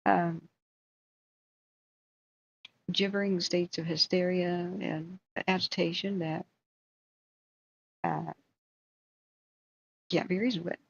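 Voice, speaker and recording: A woman's voice: fairly low pitch, little pitch movement, takes it slowly, gravelly, long pauses, breathy edge, lo-fi sound. A woman hosting a livestream in casual chat, rambling and talking to her viewers. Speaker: livestream host.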